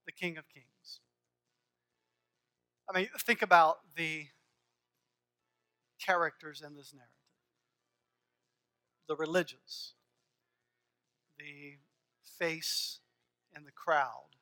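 A man's voice: high-pitched, sharp tone, clear, resonant tone. A man preaching a sermon as pastor, earnest and emphatic, building his points through rhythmic repeated phrases.

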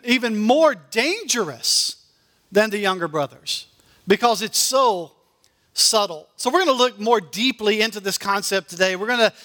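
A high, bright male voice delivers a sermon, reading scripture and then explaining it. He speaks earnestly and stretches out key words for emphasis. A long reverb hangs on his words, as in a hall. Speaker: pastor.

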